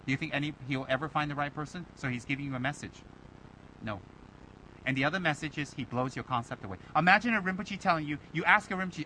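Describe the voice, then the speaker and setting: A man teaching a Buddhist dharma talk, animated and rhetorical, mimicking his listeners' complaints. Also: a little high, brisk, a little hiss or hum, poor audio. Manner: animated, rhetorical, mocking imitations.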